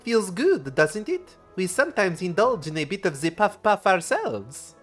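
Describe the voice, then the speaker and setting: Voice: medium pitch, sing-song, a little slow, a bit bright, faint music behind, pitched above the performer's own voice. A streamer voicing a flirty French woman attendant from a game, with a put-on French accent and a teasing, sing-song manner. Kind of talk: reading game dialogue aloud.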